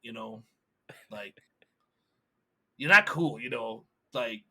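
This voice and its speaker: A man's voice: medium pitch, takes it slowly, pushed and bright, breathy edge. A man running a tabletop role-playing game as game master, teasing the players in loose casual banter with lots of fillers.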